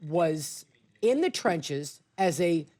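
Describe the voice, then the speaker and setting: A man hosting a radio show, telling stories in an animated, theatrical way. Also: a little high, slow. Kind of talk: casual studio chat.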